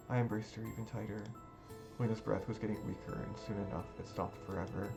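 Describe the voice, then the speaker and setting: Gravelly man reading a story aloud. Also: lowish voice, fairly even intonation, brisk. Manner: dramatic, emotional first-person reading. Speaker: gaming video creator. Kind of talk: reading a visual novel aloud. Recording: music playing underneath.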